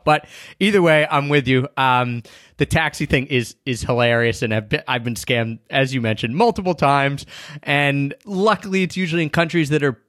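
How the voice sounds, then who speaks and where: Male podcast host, quick and joking, slightly higher voice, dry close mic. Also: fairly bright tone, no echo. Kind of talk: casual interview chat.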